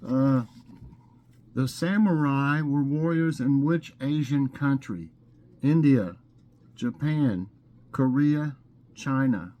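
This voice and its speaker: A man hosting a casual vlog, reading trivia questions aloud and thinking out loud with fillers. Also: medium pitch, highs cut off. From Scotland. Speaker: vlog host.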